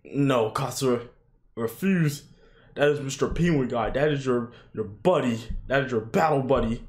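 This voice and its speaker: A young man reacting to an anime episode in casual commentary, swearing a lot, shouting "yo" and "bro" and bursting into high laughing yelps. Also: moderate pace. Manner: excitable, swearing, frequent "yo" and "bro" exclamations.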